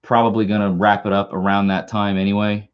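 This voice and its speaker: A man's voice: on the low side, level tone, brisk, highs cut off. A slightly tipsy man hosting a live stream, chatting casually in a rambling, laid-back way with lots of fillers.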